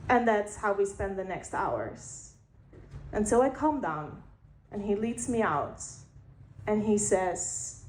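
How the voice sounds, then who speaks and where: Slow, frank woman storyteller. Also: mid-range voice, expressive, darkish tone, a little hiss or hum. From Netherlands. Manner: frank, candid and wry, with slow pauses for effect. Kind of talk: personal storytelling. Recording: roomy echo.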